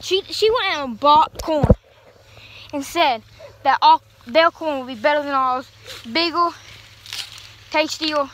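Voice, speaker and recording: A woman's voice: high-pitched, a bit bright. Breathless young woman in a cornfield. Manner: chatty, rambling, talks to viewers. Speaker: vlogger. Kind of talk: casual vlog. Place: outdoors in a cornfield. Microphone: phone held in one hand. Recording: noisy outdoor phone recording.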